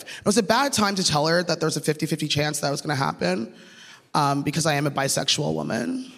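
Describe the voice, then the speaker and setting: A Canadian woman delivers a stand-up set with lively storytelling, slipping into the voices of people she quotes. Her voice carries a long reverb tail from the stage. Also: deep voice, fast talker. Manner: animated, acts out quoted voices, laughs through lines. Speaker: stand-up comedian. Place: comedy stage.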